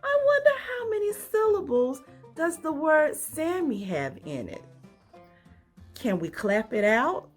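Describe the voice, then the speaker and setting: A woman teacher leading a phonics lesson for young children, speaking slowly in an encouraging sing-song and asking many questions. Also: high-pitched, very animated, faint music behind.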